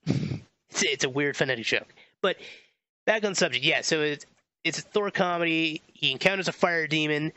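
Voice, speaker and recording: A man's voice: a little high, moderate pace, pushed and bright, no echo, muffled recording. A man co-hosting a podcast, chatting casually about a film, rambling a bit and laughing often. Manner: rambling, stumbles over names, laughs often. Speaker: podcast co-host. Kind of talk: casual movie review chat.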